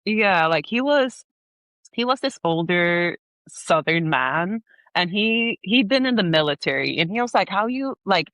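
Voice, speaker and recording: A woman's voice: fairly low pitch, measured pace, dry recording. A young woman from Sweden with a Swedish accent, a podcast guest telling stories in casual chat, filling her speech with "like" and frequent laughter. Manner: storytelling, animated, heavy use of "like", laughs often. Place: remote call.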